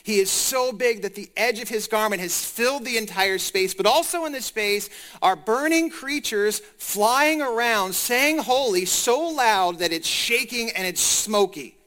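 Guy preaching, high bright voice, animated, keeps talking right to the crowd. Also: measured pace. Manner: animated, talks to the congregation directly. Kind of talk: sermon.

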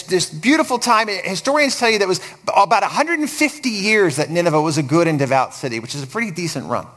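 Male preacher, high voice that swings widely, vivid storyteller mid-sermon. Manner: animated biblical storytelling.

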